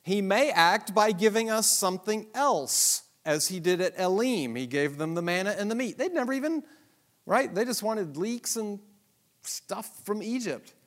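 A man preaching a Bible lesson, animated and self-deprecating, asking the audience many rhetorical questions. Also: sits high, normal speed. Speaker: pastor. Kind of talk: sermon-style Bible teaching.

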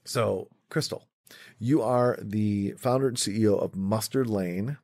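A man hosting a comedy podcast, playful and quick to laugh as he chats with guests. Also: fairly low pitch, a little mellow, no echo, clean studio sound. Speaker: podcast host. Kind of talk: casual comedy podcast chat.

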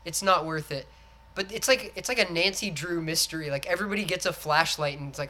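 Podcast co-host, man, bright voice, animated casual talk, acts out movie lines. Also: a little high, quick pace. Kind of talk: casual chat.

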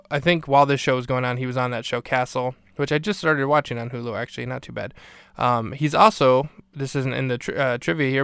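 A man's voice: medium pitch, a bit bright, smooth, dry recording. A man hosting a podcast, casually recapping and ranking a sitcom episode in a rambling way, with plenty of ums and restarts. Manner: rambling, filler-heavy recap. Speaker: podcast host.

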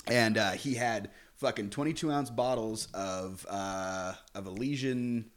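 A man's voice: fairly low pitch, unhurried. A man co-hosting a podcast, telling a rambling party story with lots of swearing and laughter. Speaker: podcast co-host. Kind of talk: casual chat, storytelling.

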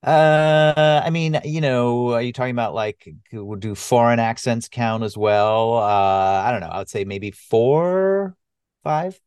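A middle-aged man, a stage actor guesting on a podcast, talking thoughtfully in casual chat with hesitant pauses. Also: medium pitch, smooth, no echo, clean studio sound. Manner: thoughtful, warm, with hesitant fillers.

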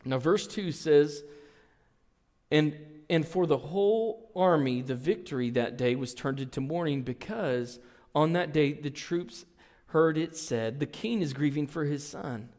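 Male pastor with a high voice, preaching earnestly in a big echoing sanctuary. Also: a little mellow. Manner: earnest storytelling, reads and retells scripture. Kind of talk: sermon. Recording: long reverb in a large hall.

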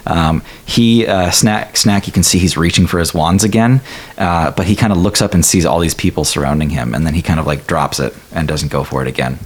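Deep-voiced man running a tabletop game. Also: fairly quick, slightly rough. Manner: rambling, many ums and likes. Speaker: game master.

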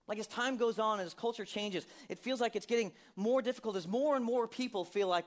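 Male pastor, sermon, high voice, conversational, rhetorical questions. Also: a little fast, hardly any pauses. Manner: conversational, asks many rhetorical questions, laughs often.

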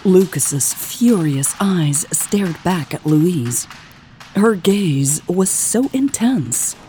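A woman host narrating a scripted audiobook in a calm, measured way. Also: on the low side, slightly rough.

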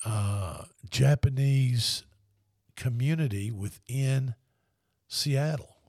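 Drawing out his words in a medium-pitched, darkish voice, a man is heard in a clean studio recording without room sound. On his sports radio show he tells loose, easygoing stories full of restarts, keeping the sports talk casual.

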